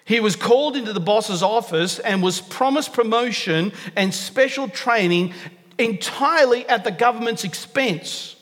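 High-voiced preacher in a reverberant hall. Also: male voice, fairly bright tone. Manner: earnest, emphatic, repeats key phrases for stress. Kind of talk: sermon. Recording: long reverb of a large hall.

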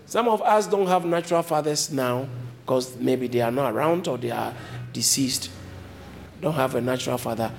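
A man preaching a sermon as a pastor, switching between low explanations and sudden high emphatic lines. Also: normal speed, creaky, slight background noise. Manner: animated preaching, jumping to high emphatic pitch.

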